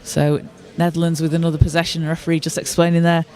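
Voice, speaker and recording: A male play-by-play commentator calls a basketball game live from courtside. His voice sits high for a man, and his delivery is steady and informative. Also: fast. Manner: steady, informative, with occasional restarts.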